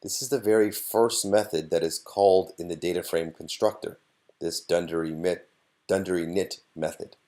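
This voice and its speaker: A man's voice: low-pitched, steady tone, moderate pace, warm tone. A man teaching a programming course, explaining step by step with frequent fillers as he types. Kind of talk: screen-recorded coding tutorial.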